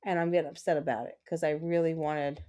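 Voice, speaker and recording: A woman's voice: sits low, level tone, fast, mellow. A woman hosting a gaming livestream, chatting casually and rambling to herself as she plays. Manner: chatty, self-talking, rambling. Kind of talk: casual chat while playing.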